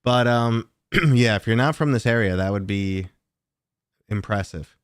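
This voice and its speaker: A man with a New York accent, hosting a casual livestream and chatting with viewers in a talkative, relaxed way. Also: lowish voice, a little slow, clean tone, no echo, studio quality. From New York City. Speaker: livestream host.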